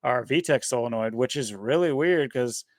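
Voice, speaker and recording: A man co-hosting a podcast in casual chat, talking in a rambling, animated way. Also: mid-range voice, moderate pace, no echo, clean studio sound. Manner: rambling, animated, laughs often. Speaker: podcast co-host.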